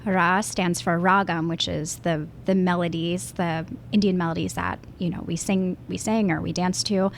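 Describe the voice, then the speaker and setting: A woman's voice: on the low side, fairly even intonation, moderate pace, vocal fry, hardly any pauses, slight background noise. A woman from Pennsylvania, a musical theater actress, talking casually as an interview guest, thoughtful and full of restarts. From Pennsylvania, USA. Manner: thoughtful, with many fillers and restarts.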